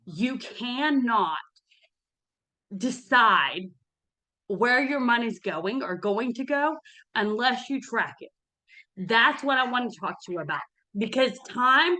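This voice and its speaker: A middle-aged woman gives down-to-earth money advice in a casual motivational talk. Her voice sits slightly high. She speaks earnestly and with emphasis, often pausing to ask "okay?". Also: sharp tone.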